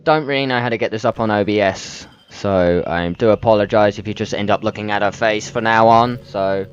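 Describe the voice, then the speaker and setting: A man commentating a game as he plays, swearing often and breaking into excitable outbursts. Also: lowish voice, brisk, clear, resonant tone. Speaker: gameplay commentator. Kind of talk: let's-play commentary. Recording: muffled lo-fi mic.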